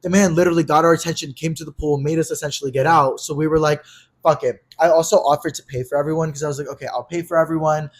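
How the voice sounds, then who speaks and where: A young man co-hosting a podcast, casually telling a wild travel story, swearing freely and acting out the yelling in his quotes. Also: fairly high pitch, fast talker. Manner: animated, swearing, acts out yelled quotes. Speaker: podcast co-host.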